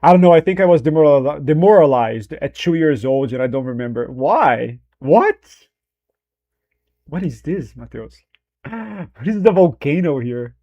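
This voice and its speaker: Loose, profane young streamer, slightly higher voice. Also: male voice, expressive, measured pace, dull audio. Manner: loose and profane, joking, reacting to chat. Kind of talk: casual livestream chat.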